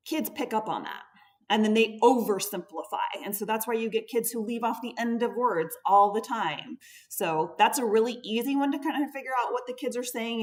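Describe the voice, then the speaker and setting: Woman, speech therapist, conference talk, mid pitch, patient explaining, mic a bit far off. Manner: patient, explanatory, stresses key words. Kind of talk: conference presentation. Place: conference room. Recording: voice picked up from a distance.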